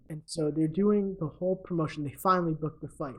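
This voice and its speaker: Briskly and with fairly even intonation, a young man on a podcast runs through a movie's plot in a joking, casual way, dropping plenty of ums and uhs and laughing at his own gags. His voice is fairly high and darkish.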